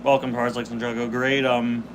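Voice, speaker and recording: A man's voice: mid-range voice, flat delivery, normal speed, noisy background. A man in his twenties hosting a casual live stream, chatting, laughing and reading the chat aloud while chewing candy. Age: 20s. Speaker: host.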